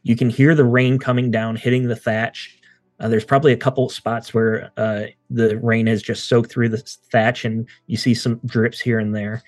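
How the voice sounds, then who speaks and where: A man narrates a tabletop fantasy game as its game master, taking his time with easy pauses. His voice sits in an ordinary middle register and sounds close and dry, with little room around it. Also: medium pitch, dry recording. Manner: relaxed, thoughtful narration with frequent "uh" pauses.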